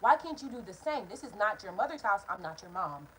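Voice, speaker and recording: A young woman vlogger telling a storytime tale to her viewers in a casual, animated, profane way, speaking straight to them. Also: medium pitch, a little fast, poor audio. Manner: acts out quoted people in changed voices.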